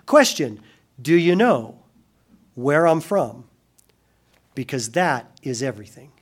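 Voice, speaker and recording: A man preaching a sermon, acting out quoted voices with sudden loud rises and dropping soft and slow on solemn points. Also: medium pitch, big pitch swings. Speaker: pastor.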